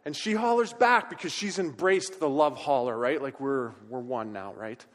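A man preaching a sermon to his congregation, telling everyday stories with animated energy and sometimes hollering. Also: fairly high pitch, moderate pace, few pauses. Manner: animated storytelling, hollering when quoting himself. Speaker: pastor. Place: church sanctuary. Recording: long reverb of a church hall.

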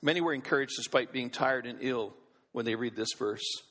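A man's voice: medium pitch, normal speed, a bit bright. A man preaching a sermon as a pastor, speaking emphatically and asking his congregation questions, in a large church. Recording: long reverb of a large hall.

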